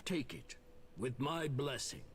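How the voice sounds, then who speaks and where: An actor playing a jovial, portly middle-aged noble and former royal bodyguard, speaking in a booming, theatrical storyteller's manner. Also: male voice, takes it slowly, a bit bright, slightly rough, full character voice. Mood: genial. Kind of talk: video game voice acting.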